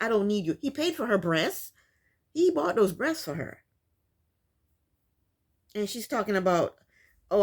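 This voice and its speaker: A woman vlogger recapping a reality TV episode in casual, opinionated commentary, exasperated and loose, with frequent restarts. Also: high voice. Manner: loose, full of restarts and fillers.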